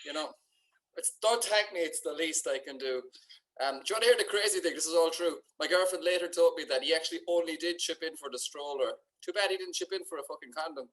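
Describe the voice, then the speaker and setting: A man's voice: a little high, fast, a bit bright, rough recording. A man performing a stand-up comedy set in a comedy club, with a dry, sardonic delivery.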